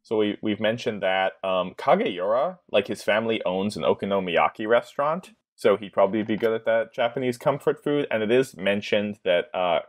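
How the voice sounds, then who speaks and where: A man with a fairly low voice talks casually as a podcast guest. He is chatty and keeps breaking into laughter at his own ideas. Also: animated, moderate pace, hardly any pauses.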